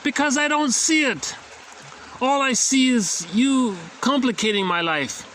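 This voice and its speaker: A man putting on a German accent to play a stern older male psychoanalyst, speaking slowly and with mock seriousness. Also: very high-pitched, fairly bright tone, slight background noise, pitched above the performer's own voice. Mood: dry, probing. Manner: slow, deliberate, mock-serious.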